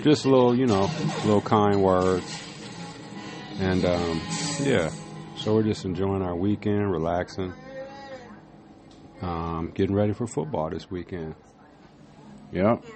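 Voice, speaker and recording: A man's voice: low-pitched, unhurried, long pauses. A man hosting a casual home vlog, chatting in a laid-back, rambling way with lots of fillers. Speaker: vlog host. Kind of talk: casual chat. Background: music playing.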